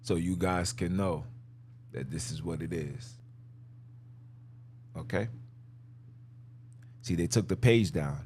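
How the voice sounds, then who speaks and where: A man's voice: low voice, takes it slowly, long pauses, a little mellow, a little hiss or hum. A man hosting a podcast, giving emphatic, repetitive religious commentary in casual slang while he talks his listeners through slides. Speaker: podcast host.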